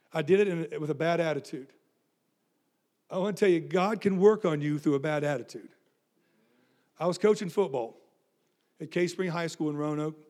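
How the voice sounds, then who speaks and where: High-voiced pastor telling a story. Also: male voice. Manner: animated, self-mocking storytelling with quoted dialogue. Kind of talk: sermon storytelling.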